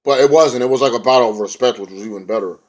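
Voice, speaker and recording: Slangy young man recapping wrestling. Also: rapid-fire. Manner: rambling, slangy, mimics wrestlers in louder higher bursts. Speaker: wrestling show reviewer. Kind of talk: casual recap, retelling a show with quoted voices.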